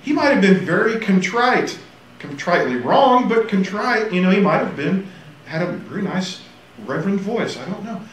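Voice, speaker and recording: A man teaching a casual Bible class, animated and joking, acting out quotes. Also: high-pitched, normal speed, distant mic. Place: church classroom. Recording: echoey room, faint hiss.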